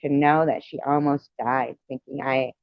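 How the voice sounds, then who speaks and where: A man's voice: mid-range voice, flat delivery, moderate pace, no echo, muffled recording. A man telling a personal story to viewers in a casual, rambling, heartfelt way, with many "you know" fillers.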